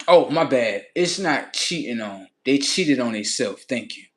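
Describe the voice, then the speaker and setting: A man hosting a livestream, telling crude, comedic stories in an animated, rambling way. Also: medium pitch, unhurried. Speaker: livestream host. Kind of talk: profane comedic storytelling.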